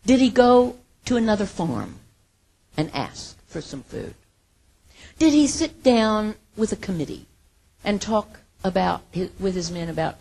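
A woman teaching from the Bible in a casual sermon, retelling the story with lively acted quotes and laughter. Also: fairly low pitch, unhurried, gravelly, breathy edge.

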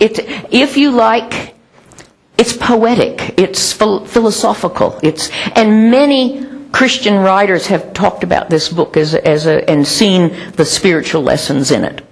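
A woman preaching a sermon and praying, in a chatty, animated way with asides. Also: mid-range voice, vocal fry, husky.

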